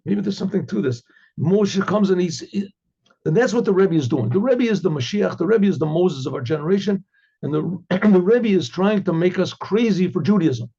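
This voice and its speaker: Gravelly rabbi telling stories animatedly. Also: male voice, sits high, normal speed, muffled recording. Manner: animated storyteller who acts out dialogues and keeps clearing his throat. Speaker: rabbi teaching a class. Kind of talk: informal Torah class.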